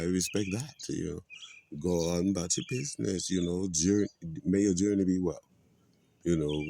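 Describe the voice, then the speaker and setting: A man talks in a loose, preachy monologue, leaning on "you know" between thoughts. His voice sits extremely low with a gravelly rasp. Faint noise and birdsong run behind him. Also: dark tone. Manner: rambling, with many "you know" fillers; preachy, quotes scripture. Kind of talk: casual spoken monologue.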